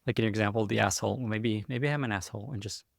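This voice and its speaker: A man hosting a podcast, asking quick summarizing questions of his guest. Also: fairly low pitch, gravelly, dry recording, studio quality. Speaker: podcast host. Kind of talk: podcast interview.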